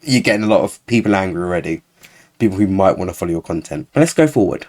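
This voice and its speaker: Sarcastic man, low voice. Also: expressive, fast talker, darkish tone. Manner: sarcastic, exasperated. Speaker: YouTuber. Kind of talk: casual reaction commentary.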